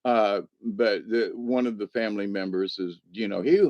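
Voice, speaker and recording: A man's voice: lowish voice, steady tone, normal speed, darkish tone, dry recording, highs cut off. A man hosting a casual livestream, rambling through stories, laughing often and answering the chat. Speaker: livestream host.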